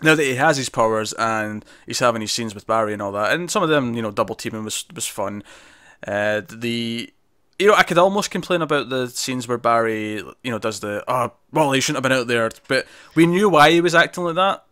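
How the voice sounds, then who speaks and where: Man, fast chatty tv reviewer, animated, dry close sound. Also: mid-range voice, clear, resonant tone, no room sound. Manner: fast, animated, frequent restarts. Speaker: TV review podcast co-host. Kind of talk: casual chat.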